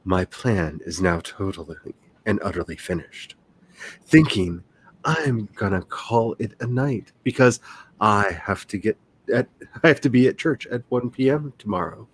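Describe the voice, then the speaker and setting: A man voicing a sinister male supervillain in a low, hushed, mock-sinister tone during a livestream. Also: lively intonation, a little slow, slightly rough. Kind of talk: livestream chat.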